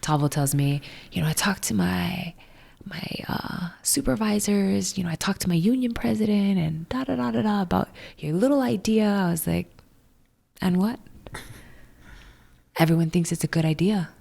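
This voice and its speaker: A woman in her thirties from Hawaii, telling her story as a guest, animated and full of "like". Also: normal speed, creaky. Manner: animated, acts out quoted voices with high jumps; many fillers of "like". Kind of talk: casual storytelling interview.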